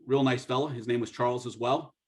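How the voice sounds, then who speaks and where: Middle-aged man telling an animated story. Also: mid-range voice, fast talker. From United States. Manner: animated, acts out dialogue, frequent restarts. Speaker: guest speaker, military officer. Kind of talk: storytelling talk.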